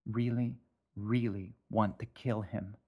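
A man's voice: on the low side, steady tone, slow, highs cut off. A man reading the lines of a sarcastic, blunt young sister in an audiobook. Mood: quiet sarcastic. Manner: sarcastic, dry.

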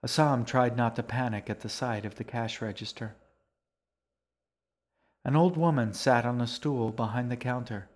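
A man narrating his own novel in a podcast, reading in a measured, unhurried way. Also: medium pitch. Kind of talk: scripted narration.

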